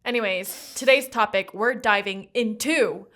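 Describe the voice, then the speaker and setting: A woman in her twenties co-hosting a casual podcast chat, giggly and animated as she tells stories. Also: medium pitch, measured pace. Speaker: podcast co-host.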